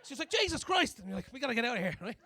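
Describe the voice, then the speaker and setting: A young man doing a crude, animated stand-up comedy set on a club stage, acting out scenes as he goes. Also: extremely high pitch, very fast, slightly rough.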